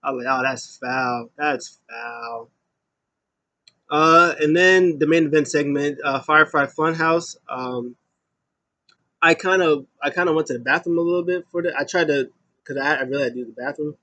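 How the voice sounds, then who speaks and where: A man giving a casual solo review of a wrestling show, rambling with many ums and getting loud when he mimics an announcer. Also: on the high side, fairly quick.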